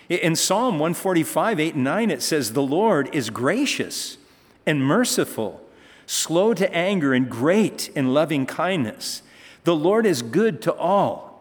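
A male pastor giving a conversational sermon, reading scripture and then explaining it, with emphatic passages. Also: fairly high pitch. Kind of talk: sermon, Bible teaching. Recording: reverberant hall.

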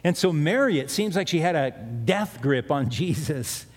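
Middle-aged male pastor, a touch higher-pitched than most men, chatty storytelling sermon, long church-hall reverb. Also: animated, moderate pace. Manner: conversational storytelling preaching with asides.

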